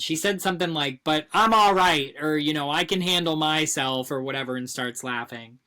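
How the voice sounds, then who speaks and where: A woman co-hosting a podcast, telling a funny story in casual chat with lots of fillers. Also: low voice. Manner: animated storyteller, breaks into laughter. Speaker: podcast co-host.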